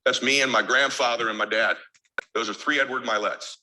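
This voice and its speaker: A man's voice: medium pitch, fairly even intonation, fairly quick, pushed and bright, rough recording. A man giving an emotional keynote speech as a motivational speaker, emphatic and driven by insistent repetition.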